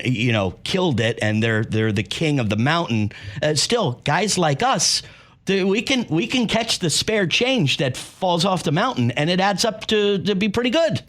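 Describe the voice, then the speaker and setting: A man's voice: fairly high pitch, fairly bright tone. Male podcast host chatting casually. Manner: friendly, quick affirmations, restarts. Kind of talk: casual interview chat.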